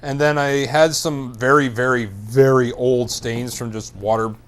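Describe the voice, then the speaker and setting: A man's voice: mid-range voice, steady tone, unhurried. A man hosting a casual talk show, bantering with a co-host in a teasing, joking way. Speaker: podcast host. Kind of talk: casual chat.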